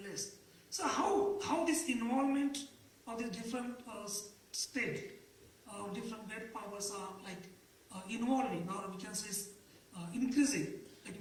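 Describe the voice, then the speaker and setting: A woman's voice: on the high side, slight background noise. A woman giving a conference panel presentation, hesitant, with many fillers and restarts. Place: conference room. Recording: echoey hall, distant mic.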